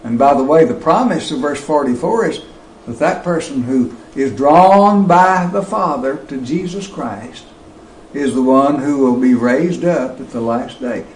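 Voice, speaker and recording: A man preaching a sermon, slow and emphatic, with wide swings of pitch and loudness. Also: roomy sound, a little hiss or hum, low-quality recording.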